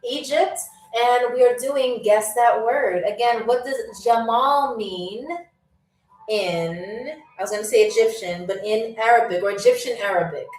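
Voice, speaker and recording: A playful, teasing woman hosts a live online quiz, greeting viewers like airline passengers and fighting back giggles. Her voice sits fairly high and her delivery is unhurried. She sounds set back from the mic in an echoey room, with faint music underneath. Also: recorded from a distance. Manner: playful, teasing, often stifling laughter; plays a flight attendant welcoming passengers. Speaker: game show host. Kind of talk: live-stream quiz hosting, reading viewer comments.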